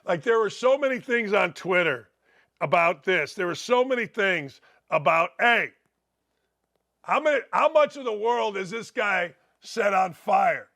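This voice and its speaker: A middle-aged man hosting a sports talk show, rambling and excitable, breaking into loud shouts as he talks betting. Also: sits high, unhurried.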